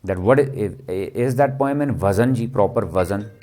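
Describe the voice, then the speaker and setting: A man's voice: on the low side, moderate pace, warm tone. A man giving a literature lecture, constantly asking the class rhetorical questions. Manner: keeps quizzing with rhetorical questions, tags "ji".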